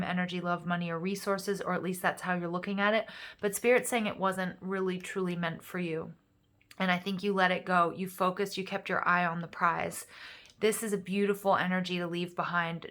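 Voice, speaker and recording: A woman giving a casual, upbeat tarot reading straight to her viewers, encouraging and quick to get excited. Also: on the low side. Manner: upbeat, encouraging, excitable, fillers like "you know". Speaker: tarot reader.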